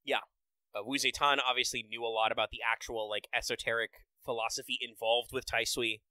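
Bright, crisp-voiced man breaking down game details. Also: mid-range voice, flat delivery, a little fast, no echo, poor audio. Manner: enthusiastic, detailed game analysis with fillers. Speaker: podcast host. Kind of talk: casual podcast chat about a mobile game.

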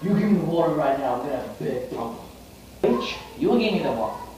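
A man's voice: a little high, lively intonation, quick pace, close to an everyday voice. A man putting on a pushy Italian pizza man who demands things, recorded in an echoey, noisy room from a distance. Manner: demanding, shouting orders.

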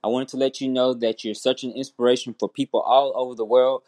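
A man recording an earnest, warm birthday message as a fan. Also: medium pitch, flat delivery, fast.

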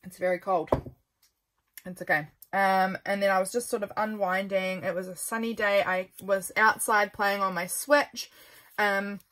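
A young woman talks in an easy, chatty way, at a middle pitch for a woman. She rambles, wanders off track and corrects herself mid-thought, like a relaxed journaling vlogger talking to her viewers. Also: measured pace. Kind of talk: casual chatty flip-through.

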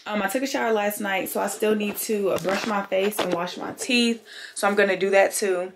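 A woman's voice: mid-range voice, steady tone, a little fast, noisy background. A woman vlogging casually to the camera from her bedroom, chatting with viewers and calling them y'all. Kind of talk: casual vlog chat to camera.

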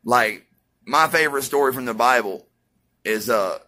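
A man delivering a profane, ranting monologue as a vlogger, swinging between loud preaching and hushed musing. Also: mid-range voice, moderate pace.

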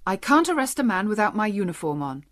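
A woman's voice: medium pitch, big pitch swings, fast, fairly bright tone, no room sound, studio quality. A woman reading the part of a fussy, stubborn village policeman in a storybook. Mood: insistent. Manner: fussy, insistent.

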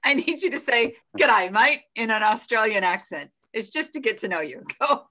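A bubbly woman hosts a casual video call with a bright, forward tone. She laughs easily and keeps things playful, and her voice comes through a call microphone. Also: on the high side, very animated, a little fast. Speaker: host.

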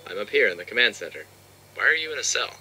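A man voicing a calm, polite male investigator in a fan-dub parody cartoon. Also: on the low side, quick pace, soft background music, full character voice, poor audio.

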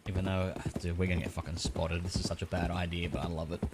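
A man's voice: sits low, little pitch movement, fast, very noisy. A man streaming a game, chatting casually, swearing often and laughing a lot. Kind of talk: casual gaming stream chat.

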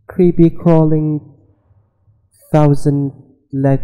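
A man's voice: mid-range voice, takes it slowly, long pauses, big-room sound, highs cut off. A man giving casual gameplay commentary as a let's play gamer, swearing a lot and talking back to the game.

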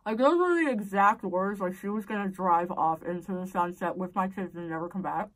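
A woman's voice: medium pitch, brisk, far from the mic, poor audio. A young adult woman telling a personal story casually while eating, blunt and profane, her voice shooting way up when she gets worked up.

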